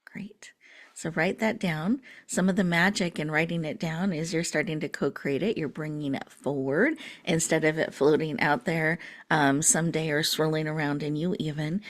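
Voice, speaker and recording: Low-ish voiced woman walking you thru a breathing exercise, soft and slow, half whispering. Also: steady tone. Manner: soothing, slow, drops to a near-whisper. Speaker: summit host. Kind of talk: guided breathing meditation.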